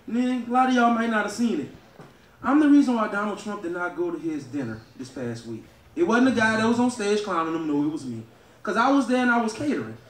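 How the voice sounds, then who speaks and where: Southern guy doing stand-up, kinda high voice, echoey club sound from far off. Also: sing-song, quick pace. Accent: Southern American. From Louisiana. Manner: loud, crowd-working, laughing at own jokes. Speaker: stand-up comedian. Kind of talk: live stand-up comedy. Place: comedy club stage. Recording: echoey club room, heard from afar.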